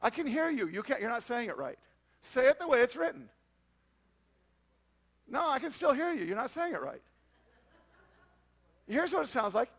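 A man's voice: extremely high pitch, sing-song, normal speed, pauses often, a bit bright. A man preaching a sermon to a congregation, often asking them rhetorical questions. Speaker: pastor.

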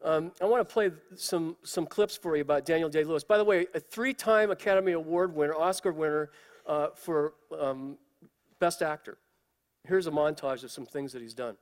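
A man's voice: a little high, normal speed. Man preaching in a reverberant hall. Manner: conversational, storytelling with fillers. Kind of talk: sermon.

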